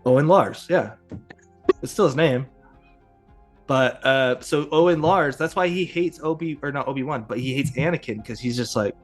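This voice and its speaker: A man's voice: mid-range voice, moderate pace, faint music behind. A man hosting a casual podcast, rambling with lots of fillers and chuckles. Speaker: podcast host. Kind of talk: casual chat.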